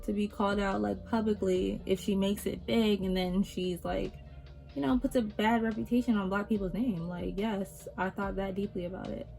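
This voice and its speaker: Animated, swearing young woman telling a story. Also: gravelly. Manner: animated, swearing freely, swinging between loud exasperation and low asides. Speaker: vlogger. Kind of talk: casual storytime while doing makeup.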